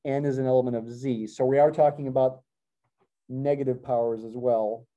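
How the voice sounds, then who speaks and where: A man's voice: medium pitch, fairly even intonation, normal speed, warm tone, lo-fi sound. A middle-aged man teaching a college math class, thinking aloud with wry asides and self-corrections. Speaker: math professor. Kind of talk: classroom lecture.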